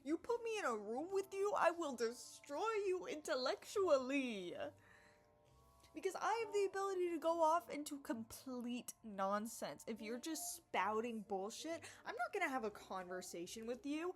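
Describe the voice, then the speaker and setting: A woman with a voice pitched a bit high delivers a sarcastic, profane rant straight to camera. She lurches between loud, theatrical outbursts and low, muttered asides. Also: big pitch swings, moderate pace, soft background music. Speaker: vlogger. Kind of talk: ranting monologue to camera.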